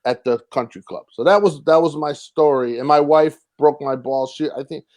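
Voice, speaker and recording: A young man, a comedian and actor, telling a rambling, animated story with frequent restarts and casual swearing. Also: on the high side, moderate pace. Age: young adult.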